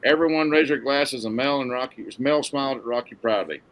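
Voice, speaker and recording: A man reading a novel aloud in a steady, plain storytelling manner. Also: medium pitch, fairly quick, poor audio. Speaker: narrator.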